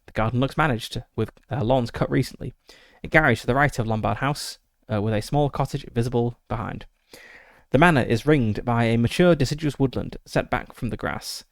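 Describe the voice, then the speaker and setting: A man with a gravelly, crackly voice reads a solo tabletop adventure aloud, dropping in frequent "uh" fillers and side remarks. He sounds close and dry, with no room around him. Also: medium pitch, fairly quick, dry recording. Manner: steady descriptive reading with frequent "uh" fillers. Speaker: streamer running a solo tabletop game. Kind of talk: reading a gamebook aloud with asides.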